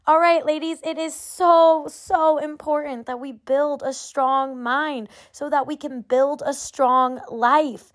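High-voiced woman giving a fired-up pep talk. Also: fairly even intonation, slow, hardly any pauses. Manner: emphatic, repetitive, fired-up preaching. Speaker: motivational speaker.

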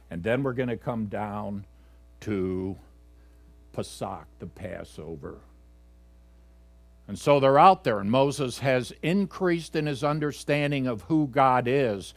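A male pastor preaching a sermon to his congregation. He swings between loud, emphatic exhortation and quiet, low asides, talking conversationally with fillers and self-corrections. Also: expressive, a little slow.

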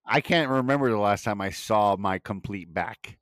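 A man's voice: fairly low pitch, moderate pace, fairly bright tone, no echo. Easygoing man co-hosting, laughing often. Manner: laughs easily, agreeable reactions. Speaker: podcast co-host. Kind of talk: casual chat.

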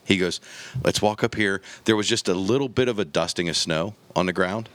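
Brief: man, low voice, podcast guest, lively storyteller who does the sound effects himself, dry close mic. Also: a little fast, dry recording. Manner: animated storyteller, acts out gunshots and quotes. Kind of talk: casual storytelling chat.

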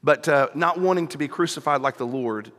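A pastor preaching a sermon, retelling scripture in a conversational storytelling way and acting out the dialogue. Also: male voice, on the high side, a little fast, a bit bright, big-room sound.

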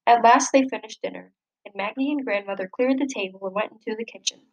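A woman reading a children's picture book aloud, gently expressive and lifting her voice for the characters' lines. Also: fairly high pitch, quick pace, highs cut off. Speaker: storybook reader.

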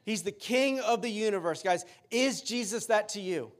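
Male pastor, high tenor, earnest sermon delivery with read-aloud scripture. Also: normal speed.

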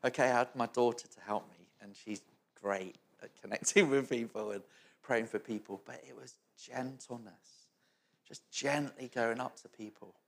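A man's voice: mid-range voice, normal speed, vocal fry, reverberant. A middle-aged man preaching a storytelling sermon, chatty and self-mocking and often laughing. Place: church hall.

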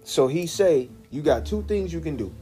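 A man's voice: fairly high pitch, expressive, normal speed, dark tone, soft background music. A man telling a story in a casual way, swearing a lot, using slang and often checking in with the listener.

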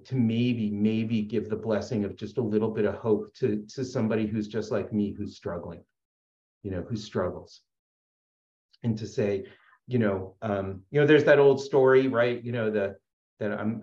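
A man's voice: on the low side, darkish tone. Earnest rambling man, echoey lo-fi. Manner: rambling, earnest, many fillers and restarts. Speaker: speaker sharing at a recovery meeting. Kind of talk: personal share at a support meeting.

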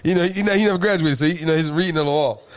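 A man telling stories in a casual chat, animated, with loud high bursts and low mutters, laughing often. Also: very fast, a crowd in the background. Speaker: podcast co-host.

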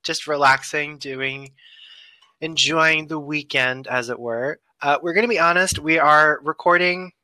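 A man's voice: on the high side, a little slow, pushed and bright, no echo, rough recording. A young man from the United States, co-hosting a casual podcast chat with a jokey, self-mocking manner. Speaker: podcast co-host.

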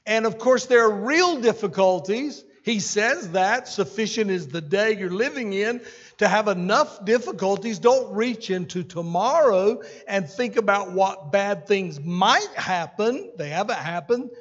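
A man's voice: sits high, expressive, a little slow. A man preaching a sermon as senior pastor in a church, folksy and conversational, with asides to his congregation. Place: church sanctuary. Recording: dull sermon recording with long hall reverb.

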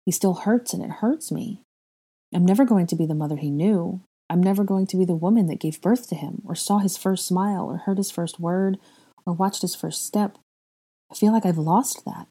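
A woman's voice: fairly low pitch, normal speed, warm tone, husky. A woman reading a doleful, hesitant young woman. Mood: sorrowful. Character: young woman, grieving and self-doubting.

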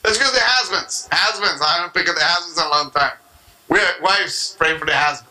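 A man's voice: fairly high pitch, brisk, low-quality recording. A man preaching a sermon, acting out prayers and mimicking people as he teaches. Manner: animated preaching with acted-out prayer voices and tongues. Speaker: pastor.

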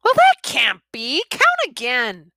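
A woman voicing a gang of excited costumed boys with shrill, shouting voices. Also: takes it slowly, no echo, studio quality, full character voice.

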